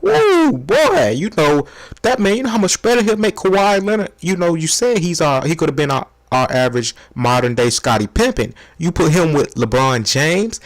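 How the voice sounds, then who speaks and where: A man's voice: fairly high pitch, animated, moderate pace, close to an everyday voice. Man doing a brash, slangy sports pundit. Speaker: comedic impression of a sports debate panelist. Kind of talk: comedy spoof of a sports debate show.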